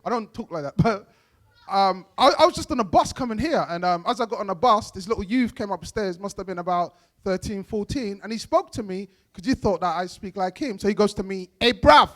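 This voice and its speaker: A man's voice: high-pitched, fairly quick. A young man doing stand-up at an awards event, playfully teasing the kids in the audience in street slang. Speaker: stand-up comedian.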